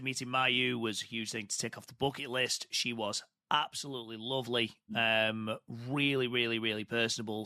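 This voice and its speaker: Bright crisp voice, enthusiastic podcast dude, dry close mic. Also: male voice, mid-range voice, no room sound. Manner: chatty and enthusiastic. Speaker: podcast co-host. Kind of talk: casual podcast chat.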